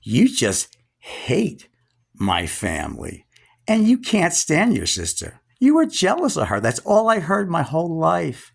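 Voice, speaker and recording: Gravelly, husky man in his sixties. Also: fairly high pitch, huge pitch swings, fairly bright tone. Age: 60s. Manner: scornful, drawn-out emphatic pauses. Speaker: vlogger. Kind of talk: angry direct-address rant.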